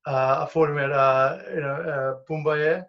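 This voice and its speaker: A man recounting old fights in a relaxed, chatty way, laughing and cursing freely. His voice sits fairly high. The recording sounds dull and lo-fi. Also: measured pace. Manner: animated anecdotes with laughs and swearing. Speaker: guest, former professional fighter. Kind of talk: casual storytelling.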